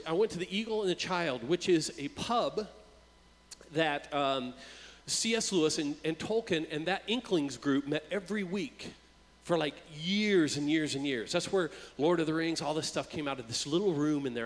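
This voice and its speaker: A man who works as a youth worker, preaching in a relaxed, conversational storytelling way and often repeating words as he starts a phrase. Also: a little high, in a large hall, low-quality recording. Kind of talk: storytelling sermon.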